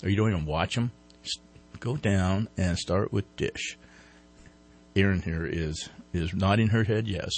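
A man's voice: deep voice, a little slow, pauses often, a little mellow. A man hosting a casual morning radio show from a studio, joking around and reading sponsor ads. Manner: jokey, rambling, reads sponsor ads. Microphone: studio microphone.

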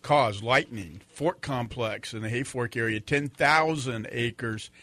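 A man's voice: mid-range voice, takes it slowly, bright, forceful tone, dry recording. A man hosting a casual morning radio show, joking with his co-hosts and reading news with many fillers. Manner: joking, chatty, reads fire reports with fillers. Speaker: radio host. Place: radio studio. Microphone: studio microphone.

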